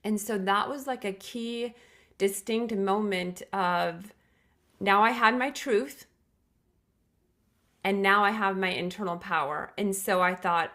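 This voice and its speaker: A woman's voice: medium pitch, slow, long pauses, pushed and bright. A middle-aged woman, a podcast guest, telling a personal story in an earnest, reflective way with emphatic restarts.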